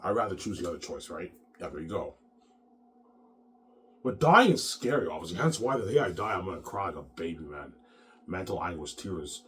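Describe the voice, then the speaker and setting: A man's voice: deep voice, animated, a little fast, a bit bright, a little hiss or hum. A man talking in a rambling monologue, stammering over repeated words and swearing often. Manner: repetitive, stammering, profane.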